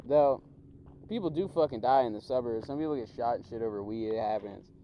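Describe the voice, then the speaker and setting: A man's voice: medium pitch, a little fast, muffled recording. A man from Houston rambles in a profane, slangy way while driving, coughing often. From Houston, Texas. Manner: profane, slangy, meandering rant with frequent coughs. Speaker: vlogger. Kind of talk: casual rambling monologue. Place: inside a car while driving. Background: car engine and road noise.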